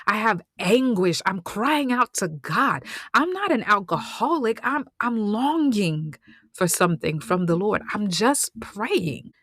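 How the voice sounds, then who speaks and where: A woman's voice: fairly low pitch, fairly even intonation, normal speed, few pauses, no room sound, clean studio sound, natural voice. Woman voicing a grieving, pleading young wife. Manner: earnest, pleading.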